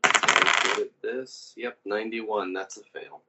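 A man's voice: fairly low pitch, steady tone, a little slow, heavy background noise. A man playing a tabletop game casually, with dry self-mocking remarks. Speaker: player. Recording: dull lo-fi recording.

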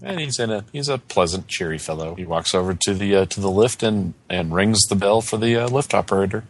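Deep-voiced male game master. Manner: halting, full of fillers. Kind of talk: narrating a tabletop game.

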